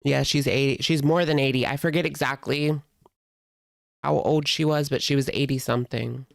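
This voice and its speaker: Gravelly casual man in his thirties. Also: medium pitch, steady tone, normal speed, no room sound, clean studio sound. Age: 30s. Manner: rambling, filler-heavy, amused. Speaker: host. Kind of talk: casual storytelling to live chat.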